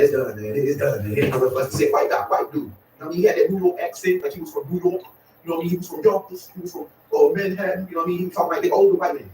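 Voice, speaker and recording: A man's voice: fairly high pitch, darkish tone, roomy sound, distant mic, slight background noise, poor audio. A man, talking casually to his viewers in a rambling way, full of "y'all" and "you know what I'm saying.". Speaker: vlogger.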